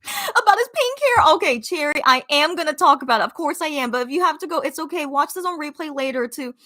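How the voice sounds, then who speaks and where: Bright-voiced excited woman fan host. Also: high-pitched, fast. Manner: excited, gushing fan talk with many fillers. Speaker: podcast host reading live chat comments. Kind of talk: casual livestream chat.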